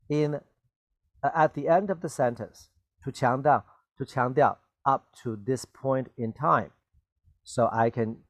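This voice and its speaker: With a voice on the high side and a dry recording, a man teaches English grammar to Chinese-speaking learners. He patiently repeats example sentences, explains slowly and deliberately while stressing key words, and keeps checking in with "okay?" and "right?"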